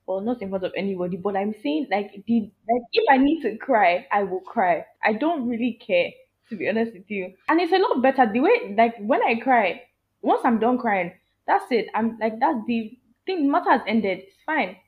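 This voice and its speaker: Animated woman on a tinny line. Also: on the high side, normal speed. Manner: animated, emphatic, laughs often. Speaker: podcast guest. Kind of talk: casual chat. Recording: tinny phone-like sound.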